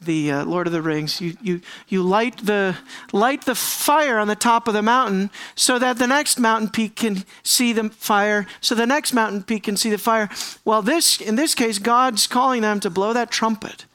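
A man preaching an expository sermon as pastor, conversational, asking the congregation questions and slowing down to stress words. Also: high-pitched, pushed and bright, clear, resonant tone, no echo. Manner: conversational, asks the congregation questions, slows for emphasis.

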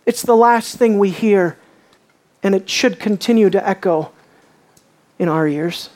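A man preaching a sermon, asking his listeners questions and dropping low and quiet on key lines. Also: a little slow. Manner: asks the audience questions.

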